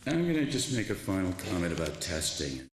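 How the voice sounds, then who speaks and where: Older male author at a lecture, low voice, lively pitch, booming hall sound. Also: brisk. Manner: animated storyteller, quoting students, frequent restarts. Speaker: author giving a talk. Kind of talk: public lecture storytelling. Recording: echoey hall with faint noise.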